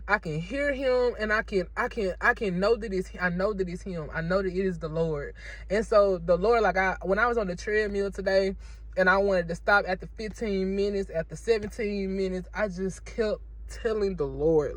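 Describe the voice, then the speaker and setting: A woman shares her faith testimony in a casual vlog. She talks emotionally and keeps repeating herself, preaching to her viewers, at a middle pitch. Her voice sounds dry and close, recorded in her car. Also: fairly quick, dry recording. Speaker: vlogger sharing a faith testimony.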